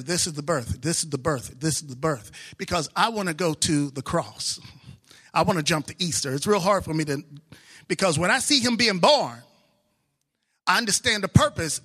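A married man preaching a sermon, excitable, swinging from soft asides to loud exclamations. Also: sits high. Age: adult, married with children.

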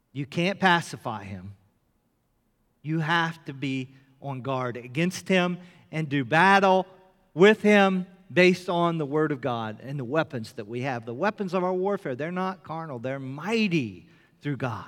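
Male pastor, 50s, emphatic sermon delivery, slightly raised pitch, big church reverb. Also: expressive, normal speed. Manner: impassioned, emphatic preaching with rising calls. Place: church sanctuary. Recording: long hall reverb.

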